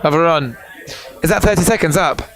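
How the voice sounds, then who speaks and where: A man's voice: fairly high pitch, brisk, fairly bright tone, faint music behind. A man hosting a live fundraising broadcast, chatty and rambling as he fills time.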